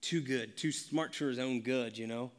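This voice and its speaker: A male pastor giving a conversational church sermon, animated and laughing as he acts out family stories. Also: mid-range voice, normal speed. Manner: animated, laughing, acting out dialogue. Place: church sanctuary.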